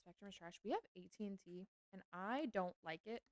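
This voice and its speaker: A woman talking her way through a live game stream, chatty and easygoing as she answers chat between tasks. Her voice sits at an ordinary middle pitch, with a faint hiss behind it. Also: animated, fairly quick, darkish tone. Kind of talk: casual live-stream chat while gaming.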